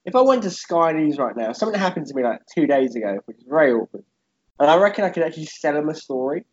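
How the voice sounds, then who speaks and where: A man's voice: on the high side, very animated, fast, breathy edge, dull audio. A young man telling a rambling story on a podcast, swearing and laughing often as he talks. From Britain. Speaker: podcast co-host.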